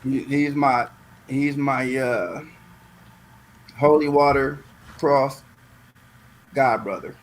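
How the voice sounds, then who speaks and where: A man from Southern California telling a long story in a casual chat, animated and repeating words as he goes. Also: medium pitch, slow, long pauses. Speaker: guest.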